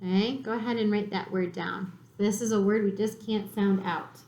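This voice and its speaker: Her voice is medium in pitch, darkish in tone, and fairly even in intonation, at a normal speed with slight background noise and room echo. She's leading a slow third grade reading and spelling lesson, patiently breaking words into syllables.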